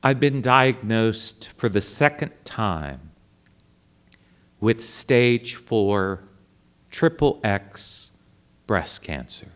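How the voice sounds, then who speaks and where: A man retells the words of a shaken middle-aged woman with grave news. She speaks quietly and haltingly, and the words come out slowly. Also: on the low side, expressive, clean tone.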